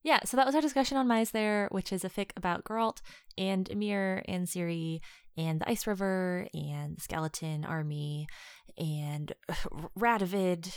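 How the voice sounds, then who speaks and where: Smooth low-voiced wry woman. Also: no echo, clean studio sound. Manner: wry, quick quips. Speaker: podcast co-host. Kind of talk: casual chat.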